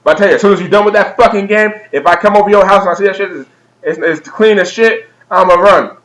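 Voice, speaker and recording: Young man, slightly high voice, comedic rant vlog, profane, exaggerated, laughs at own jokes. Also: quick pace, a bit bright, poor audio. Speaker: vlogger.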